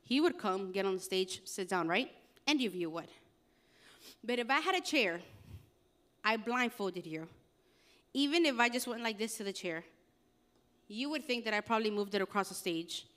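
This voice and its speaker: A young adult woman, a youth pastor, preaching a casual youth sermon in a chatty, animated way with slangy asides. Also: mid-range voice, moderate pace, long pauses.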